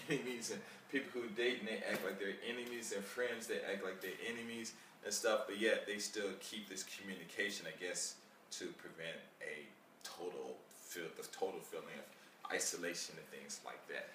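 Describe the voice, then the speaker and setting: A man talking casually in a vlog, rambling and animated, acting out chats with people he meets on the street. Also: fairly low pitch, reverberant, distant mic, slight background noise. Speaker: vlogger.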